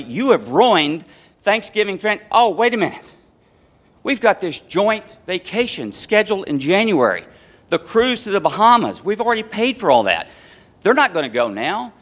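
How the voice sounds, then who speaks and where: An exasperated wife tears into her husband, incredulous and scolding, her voice pushed high and lively, as a man puts her on while telling a story. She fires question after question. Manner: incredulous, scolding, rising pitch.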